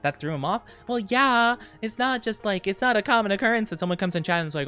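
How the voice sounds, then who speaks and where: A woman VTuber casually chatting with her live-stream viewers, playful and quick to laugh. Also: medium pitch, soft background music. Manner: playful, giggly, animated.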